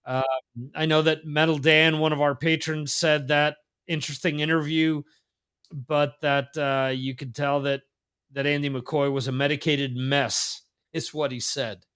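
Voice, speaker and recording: A man's voice: on the high side, little pitch movement, unhurried, a bit bright, clear, resonant tone. A man hosting a casual talk show, rambling with frequent fillers and laughs. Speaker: podcast host. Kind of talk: casual chat. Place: lives in Spain.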